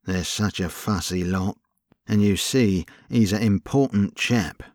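A man's voice: lowish voice, measured pace, a little mellow, dry recording, clean studio sound, lightly acted. A man reading an audiobook, voicing a crafty working-class hired crook with a wheedling, conciliatory manner. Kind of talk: audiobook character voice.

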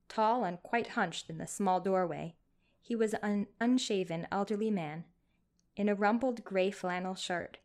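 Woman narrating a story at medium pitch. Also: measured pace.

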